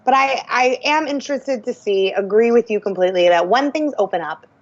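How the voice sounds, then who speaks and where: A woman co-hosting a podcast, telling stories in an animated, teasing way over dull lo-fi audio. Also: fairly high pitch, a little fast. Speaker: podcast co-host. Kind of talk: casual podcast chat.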